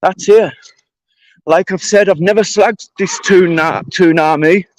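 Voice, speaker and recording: A man's voice: high voice, fairly even intonation, a little slow, no echo, low-quality recording. A British man ranting on a livestream, confrontational and swearing heavily. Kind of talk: angry livestream rant.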